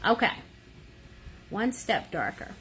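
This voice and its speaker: This American woman teaches painting on a livestream in a mid-range, sing-song voice that's a bit bright and slow. Playful and talkative, she cheers viewers along and hums little sound effects while working, with a fan running and slight background noise.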